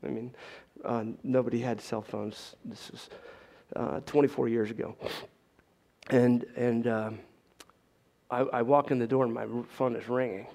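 This middle-aged man has a mid-range, creaky voice with a dark tone, speaking at a measured pace in a level way with long pauses. He gives an audience an emotional personal testimony, retelling it with earnest, urgent intensity.

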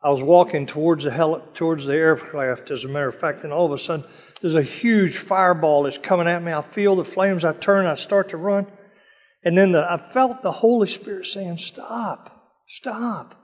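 An older man giving a dramatic sermon-style testimony, telling stories from his past with a hushed voice during the prayers. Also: a little high, brisk. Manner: dramatic storytelling, drops to a hush for prayers. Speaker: speaker telling war stories. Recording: long hall reverb.

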